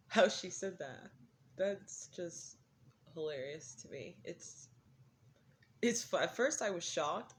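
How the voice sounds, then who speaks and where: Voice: medium pitch, lively intonation, slow, pauses often, slight background noise. A vlogger in a casual, rambling chat, laughing often and making fun of themself. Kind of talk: casual chat while smoking.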